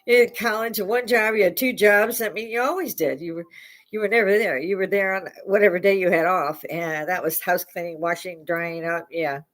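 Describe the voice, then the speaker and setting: A woman's voice: lowish voice, steady tone, normal speed. Older woman telling stories and laughing. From Chicago, USA. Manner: rambling, laughs often mid-sentence. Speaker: live-stream host. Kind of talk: casual storytelling chat. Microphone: lapel mic.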